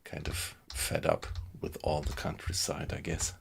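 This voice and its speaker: A man chatting casually with viewers while he plays a game live from his small home computer room, relaxed and unhurried. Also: very deep voice, creaky, noisy background. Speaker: game streamer. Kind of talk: casual live-stream chat while playing.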